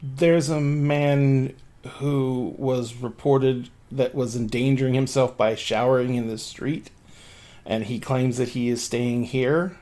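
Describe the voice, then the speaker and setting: A game master voicing a polite, bureaucratic male police officer who speaks slowly and hesitantly. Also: medium pitch, steady tone, dark tone, natural voice. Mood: formal.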